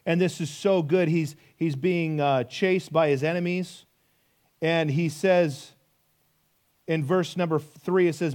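Pastor, male, 30s, slightly high voice, emphatic sermon delivery full of rhetorical questions. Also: steady tone, takes it slowly, darkish tone. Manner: emphatic, repeating key phrases with rhetorical questions.

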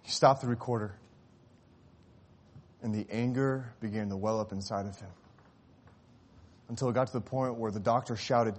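A man preaching a sermon, telling a story and rising to impassioned cries before dropping to hushed, tender tones. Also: mid-range voice, fairly even intonation, moderate pace, long pauses. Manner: swells to impassioned shouting at climaxes, drops to hushed tones.

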